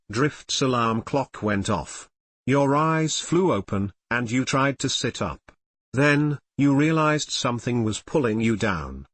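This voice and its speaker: Animated male fan fiction reader. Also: medium pitch, dry recording. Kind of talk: audiobook reading of fan fiction.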